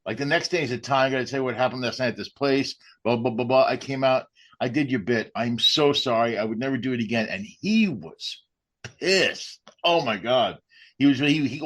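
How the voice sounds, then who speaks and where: A stand-up comedian with an ordinary mid-pitched voice tells his stories sheepishly. He speaks in a confessional, casual way. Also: fairly quick, fairly bright tone. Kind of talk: casual anecdote chat.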